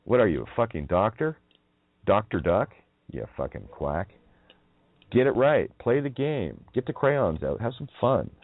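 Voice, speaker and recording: A man's voice: fairly low pitch, big pitch swings, a little slow, vocal fry, no echo. A man hosting a radio show, delivering a rambling, profane monologue in a mocking manner, chuckling between sing-song wordplay. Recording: tinny phone-like audio.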